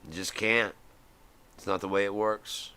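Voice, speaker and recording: A man's voice: fairly low pitch, steady tone, unhurried, bright, forceful tone, clear, resonant tone. A man, middle-aged, hosting a live stream and ranting in a heated, profane way, acting out the voices he quotes. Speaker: host.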